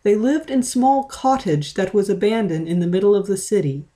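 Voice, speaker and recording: A woman reading a fan story aloud in a deadpan manner. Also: medium pitch. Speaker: reader.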